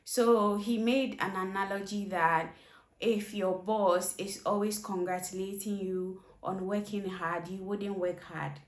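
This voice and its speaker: A woman's voice: medium pitch, steady tone, a little slow, echoey room. A woman host reacting to clips in casual commentary, questioning and emphatic as she pushes back on advice.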